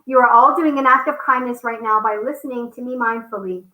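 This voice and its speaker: A woman reading a kind female schoolteacher's lines aloud from a picture book, in a gentle, encouraging way. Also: on the high side, steady tone, fairly quick. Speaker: storybook teacher. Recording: roomy echo.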